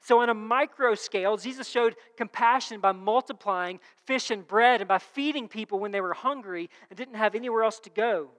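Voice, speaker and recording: A woman's voice: on the high side, normal speed, few pauses, a bit bright, in a large hall. A woman preaching a sermon in a conversational way, repeating key phrases and reading scripture aloud.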